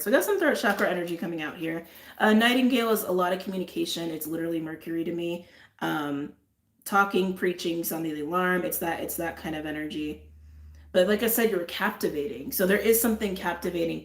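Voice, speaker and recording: A woman giving an intuitive tarot and astrology reading in a casual, effusive way, repeating phrases and trailing off into soft asides. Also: fairly low pitch, echoey room.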